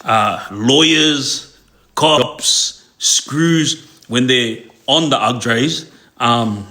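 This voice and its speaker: Laid-back man with a bright voice. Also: mid-range voice, extremely slow. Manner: laid-back, many fillers and tag questions. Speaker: former prison inmate telling stories on a livestream. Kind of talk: casual storytelling to viewers.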